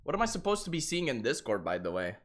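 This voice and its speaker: A male live streamer chatting casually with his viewers, swearing a lot and jumping into shrill outbursts. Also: big pitch swings, quick pace, a bit bright, a little hiss or hum.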